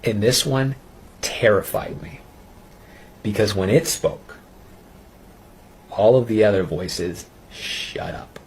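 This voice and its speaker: A man telling his personal faith testimony in an earnest, intense way, pausing and restarting as he recounts it. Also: lowish voice, a little hiss or hum. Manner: earnest, intense storytelling with halting pauses. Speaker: testimony speaker.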